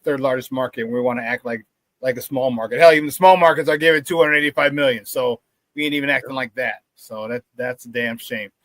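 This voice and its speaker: A man's voice: mid-range voice, fast talker, fairly bright tone, no room sound. A man hosting a casual sports talk show, joking and repeating words for emphasis.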